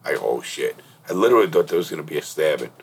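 Middle-aged guy host, real deep husky voice, swears a lot, blunt stories. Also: lively intonation, rapid-fire. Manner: blunt, profane storytelling. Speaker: podcast host. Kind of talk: casual interview chat.

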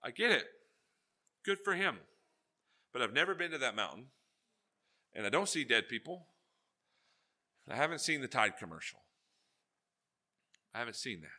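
A male pastor preaching a sermon, telling jokey stories and swinging between loud asides and hushed, earnest points. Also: mid-range voice, sing-song, moderate pace, long pauses.

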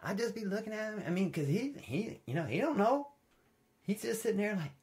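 A man preaching a sermon in a relaxed, conversational way, telling personal stories with big swings between loud high peaks and low quiet passages. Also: brisk. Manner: informal storytelling, wide swings in pitch and loudness, drops low and quiet for stories.

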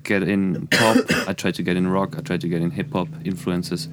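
A man's voice: low voice, level tone, normal speed, noisy background. A man with a German accent, a musician guest talking earnestly and reflectively in a casual podcast chat. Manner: earnest, reflective, many restarts.

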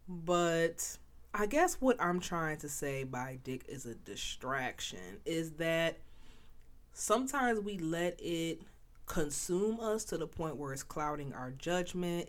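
A young woman with a nasal voice hosting a casual solo podcast, candid and animated, talking straight to her listeners with playful asides and the odd sniffle. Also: deep voice. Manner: sniffles between phrases. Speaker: podcast host.

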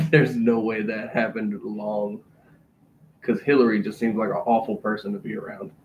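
A man making slow, crude jokes on a casual podcast. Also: fairly low pitch, steady tone, a little mellow. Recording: dull mic with faint room noise.

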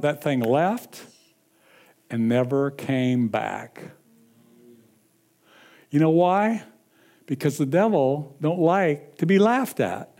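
A middle-aged man preaching a sermon, telling a personal story with sudden swings from loud to hushed. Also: a little high. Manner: breaks into sung lines and laughter.

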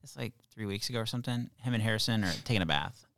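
A man in his thirties chatting casually, telling lively stories about his kids and acting out what they said. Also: lowish voice, racing, vocal fry, no echo, studio quality. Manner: animated storyteller, acts out his kids' voices. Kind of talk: casual chat.

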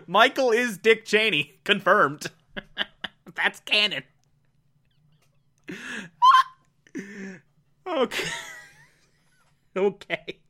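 This is a relaxed solo recap of a TV episode, delivered at an unhurried pace. The speaker has a bright, sharp-edged tone. They keep breaking into amused laughter and gush over their favorite parts. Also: medium pitch, slight background noise. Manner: laughs often between sentences; amused, gushing. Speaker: show recapper. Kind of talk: casual recap monologue.

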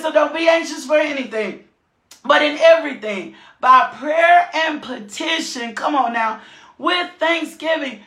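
A high-voiced woman preaches a fervent sermon, swinging between urgent shouts and sudden high whoops. Her voice rings through a roomy, echoing sanctuary. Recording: echoey room.

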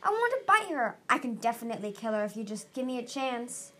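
A woman's voice: on the high side, fairly even intonation, fast talker, fairly bright tone. A woman voicing a vicious young female dragon with a venomous tail, eager and spiteful.

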